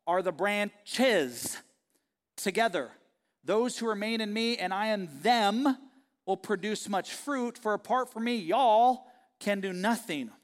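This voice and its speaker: A man preaching a sermon with a notably high voice, his words ringing out with a long hall reverb. He swings between loud, emphatic declarations and soft, chatty asides to the congregation. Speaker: pastor. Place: church auditorium.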